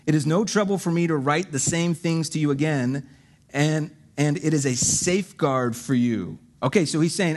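A man's voice: a little high, moderate pace. A man preaching a sermon, reading scripture and explaining it conversationally with joking asides. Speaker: pastor.

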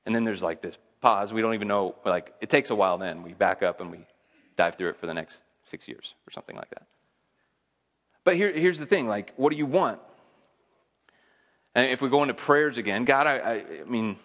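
A man's voice: lowish voice, big pitch swings, brisk, fairly bright tone, big-room sound. A man preaching a sermon in a conversational, emphatic way, building intensity as he makes his points. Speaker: pastor.

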